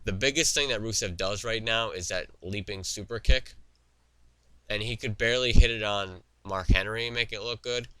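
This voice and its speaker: A man's voice: fairly low pitch, normal speed, pushed and bright, smooth, no room sound. A young man hosting a wrestling talk show, giving his opinions in a rambling, opinionated way with frequent fillers and restarts, recorded in a studio. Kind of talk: solo opinion commentary.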